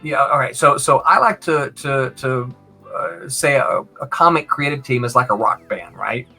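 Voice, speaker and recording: This man's voice is medium-pitched, creaky, and slightly rough, and he talks at a normal speed over soft background music. Interviewed about his time editing comics, he tells anecdotes in an animated way, performs the voices of those he quotes, and keeps adding "right?"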